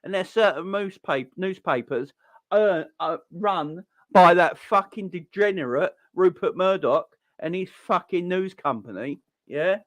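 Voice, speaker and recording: A man's voice: high-pitched, measured pace, fairly bright tone, no room sound. Fired-up South London man ranting. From South London, England. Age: 40s. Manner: angry, sweary, repeats himself and restarts often. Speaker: football fan channel host. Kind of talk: heated fan rant to camera.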